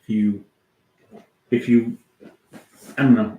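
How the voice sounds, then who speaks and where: A man's voice: mid-range voice, moderate pace. Rambling young-sounding man in an echoey room. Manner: rambling, meandering, swears casually, answers chat. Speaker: music livestreamer. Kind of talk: rambling casual livestream chat.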